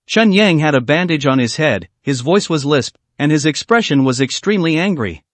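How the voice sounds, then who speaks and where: A man narrating a translated fantasy novel as an audiobook, in an even, steady storytelling manner. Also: a little high, normal speed, few pauses, dry recording.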